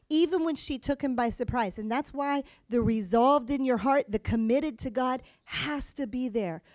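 A woman with a high voice preaches a sermon. She is animated and acts out voices, swinging between soft asides and loud emphasis. The sound is dry and close. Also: dry recording.

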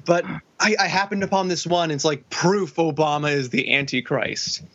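A man's voice: on the high side, moderate pace, fairly bright tone. A young man co-hosting a podcast, telling stories in casual chat with frequent profanity and incredulity. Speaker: podcast co-host. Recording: dull lo-fi podcast audio.

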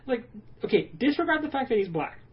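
A man co-hosting a podcast in casual, joking banter, animated and swearing now and then. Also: very high-pitched, a little fast, lo-fi sound. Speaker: podcast co-host. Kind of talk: casual chat.

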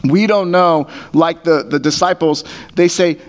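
A pastor in a church hall preaches a sermon in a conversational, earnest way, repeating phrases for emphasis. He speaks at a measured pace in a slightly high voice, on a headset mic taped to his face.

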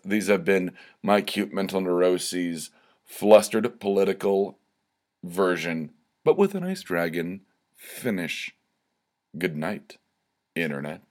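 A young man hosting his own podcast alone, rambling and swearing, tipsy and stammering as he gets worked up. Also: deep voice. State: slightly tipsy from drinking shots. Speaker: podcast host. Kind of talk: casual solo podcast monologue.

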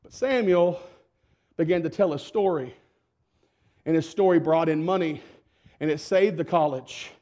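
A man with a high voice preaches in a storytelling style. He is emphatic, sometimes building up loud and sometimes dropping to a hush. His delivery moves freely through the sermon. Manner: emphatic, with wide swings between loud and hushed.

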